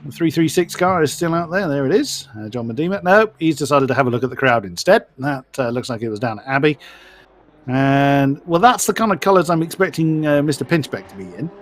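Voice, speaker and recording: A man's voice: on the high side, a little fast, a little hiss or hum. A man giving live commentary on a sim race. He is chatty and self-deprecating and stumbles over driver names.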